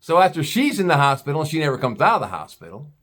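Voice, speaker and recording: A man's voice: a little high, very animated, racing, fairly bright tone. A man telling a story in a blunt, profane, scornful rant, slipping into put-on voices for other people. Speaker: vlogger. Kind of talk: ranting storytelling monologue.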